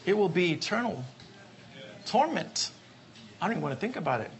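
Preacher guy, fairly high voice, keeps repeating his refrain, calls for amens. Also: big pitch swings, brisk, a little hiss or hum. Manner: emphatic, repeats refrains, asks the congregation for amens. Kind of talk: sermon.

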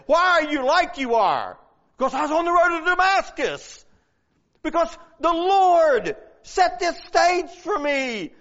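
A man's voice: extremely high pitch, sing-song, measured pace, fairly bright tone. A man preaching a fervent sermon, reading scripture aloud and pleading in prayer. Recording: dull lo-fi recording.

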